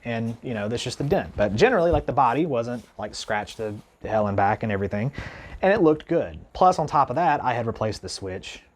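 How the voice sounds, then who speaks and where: A man's voice: mid-range voice, brisk. A man vlogging casually to camera, telling an indignant story in a rambling way, full of "like" and "you know". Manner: animated, indignant retelling with many restarts. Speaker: guitar vlogger.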